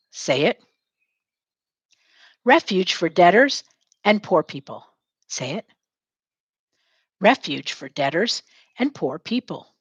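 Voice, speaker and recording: A woman's voice: fairly low pitch, takes it slowly, long pauses, breathy edge, dry recording, muffled recording. A woman teacher leading a lesson, dictating notes and having students repeat each phrase, spelling words aloud and chatting to herself while she works. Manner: lively, talks to herself while working.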